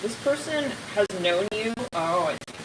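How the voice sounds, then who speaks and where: A woman's voice: medium pitch, lively intonation, unhurried, distant mic. A woman talking her way through a tarot reading for her viewers, rambling and cutting herself off, then blunt and swearing. Her voice sits a little back from the mic. A faint hiss hangs under it. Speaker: tarot reader. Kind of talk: casual psychic tarot reading to camera.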